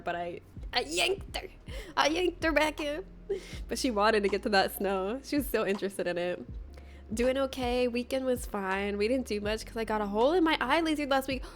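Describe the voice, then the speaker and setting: A woman's voice: on the high side, slight background noise. Bubbly young woman chatting on stream. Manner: bubbly, chatty, laughs often, greets chat by name. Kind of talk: casual livestream chat with viewers.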